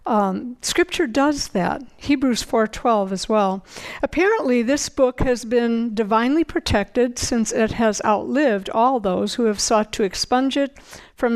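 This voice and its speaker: An older woman giving an informal Bible teaching, earnest and conversational, slowing down to read scripture aloud. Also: fairly high pitch, darkish tone, clear, resonant tone, low-quality recording.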